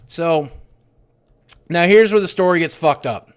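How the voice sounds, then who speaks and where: A man's voice: fairly high pitch, unhurried, smooth. Profane man telling a grim story. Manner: profane, confessional, swings from hushed to loud. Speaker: streamer. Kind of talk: personal storytelling on a livestream.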